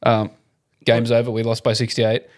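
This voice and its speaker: Animated Australian guy telling a story. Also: mid-range voice, normal speed. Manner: animated storyteller, swears freely, laughs often. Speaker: podcast co-host. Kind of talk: casual chat.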